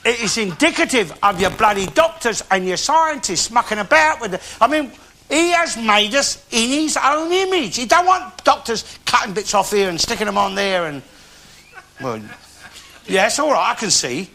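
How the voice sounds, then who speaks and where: An actor playing a cantankerous old working-class Londoner, grumbling and swearing through a stand-up monologue to a live audience. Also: male voice, high voice, expressive, normal speed, slight background noise, heavily acted. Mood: ranting. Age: 70s. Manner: grumbling, ranting, swears often. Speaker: comedian in character. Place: theatre stage. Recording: live TV show with loud audience laughter.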